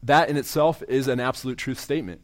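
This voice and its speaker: This young campus minister has a medium-pitched, steady voice and speaks fairly quickly, preaching earnest testimony. Restarts come with repeated words, and he lets the close of each sentence drop quiet.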